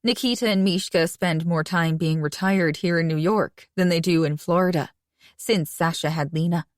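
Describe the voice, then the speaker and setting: A woman reading a romance audiobook in first person with an even, conversational delivery. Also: fairly low pitch, moderate pace, dry recording, studio quality. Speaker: audiobook narrator.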